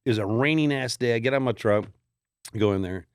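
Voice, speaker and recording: A man's voice: medium pitch, fast talker, clear, resonant tone, dry recording. Rambling middle-aged man telling stories. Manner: rambling storyteller who acts out quoted voices. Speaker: guest. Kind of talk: casual storytelling chat.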